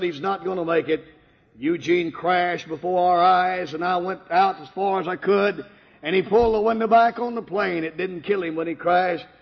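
An older man giving a fervent sermon testimony, swinging from hushed tones to loud outbursts. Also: sits high. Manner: impassioned, swings from hushed to shouting. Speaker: preacher giving his testimony. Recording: dull lo-fi recording in a reverberant hall.

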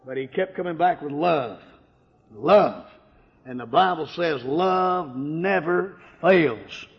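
Impassioned older preacher, gravelly. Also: male voice, fairly high pitch, animated, slow. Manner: impassioned, swings from hushed to shouting. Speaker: preacher giving his testimony. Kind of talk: sermon testimony. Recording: dull lo-fi recording in a reverberant hall.

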